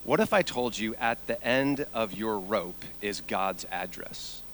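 A man preaching a sermon, telling a story and moving between quiet, low passages and loud, high-pitched peaks. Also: unhurried, slight background noise, poor audio. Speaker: pastor.

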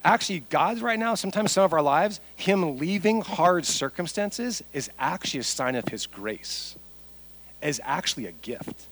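Higher-voiced man preaching a sermon. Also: animated, normal speed, a bit bright, rough recording. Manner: emphatic, builds up through long repeated lists. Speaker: pastor.

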